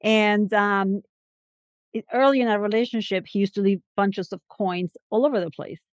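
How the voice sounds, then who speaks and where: A woman's voice: medium pitch, normal speed, no room sound. Affirming woman podcast host, dry sound. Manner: affirming, encouraging interviewer. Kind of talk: casual chat.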